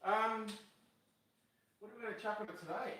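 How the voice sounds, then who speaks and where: A man's voice: high-pitched, normal speed, bright, forceful tone. Chatty man, echoey room. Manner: rambling, talks to himself and viewers, cheeky jokes. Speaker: fishing channel host. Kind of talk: casual live-stream cooking chat.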